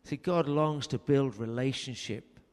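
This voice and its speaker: A man's voice: mid-range voice, unhurried, darkish tone. A man preaching a sermon, telling a story earnestly and raising his voice for emphasis. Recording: long hall reverb.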